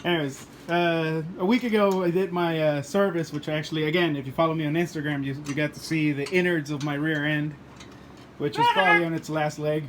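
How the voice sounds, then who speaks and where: A man's voice: a little high, fairly even intonation, brisk, slight background noise. Joking man chatting in a garage. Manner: joking, swears, laughs often. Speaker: car channel host. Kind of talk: casual garage chat to camera. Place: home garage.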